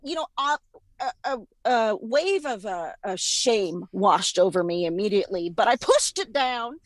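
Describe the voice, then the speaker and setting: A woman's voice: medium pitch, unhurried, no echo. A woman in her thirties casually telling a comic story, swearing freely and mocking herself. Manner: profane, self-mocking, animated storyteller.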